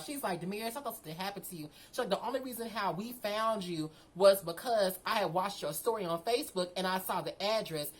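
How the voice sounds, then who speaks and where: A young woman casually telling a story from her own life, animated, full of slang and swearing. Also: medium pitch, low-quality recording.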